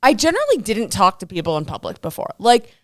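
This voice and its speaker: A woman's voice: mid-range voice, huge pitch swings, fast, a bit bright, no echo, studio quality. A woman in her thirties co-hosting a casual talk show, telling stories animatedly and acting out the voices. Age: 30s. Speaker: radio and podcast co-host. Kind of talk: casual chat. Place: studio.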